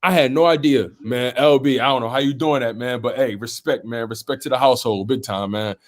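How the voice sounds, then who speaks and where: A man's voice: mid-range voice, fairly quick. A man hosting a casual sports talk live stream, reading viewer comments aloud and reacting to them.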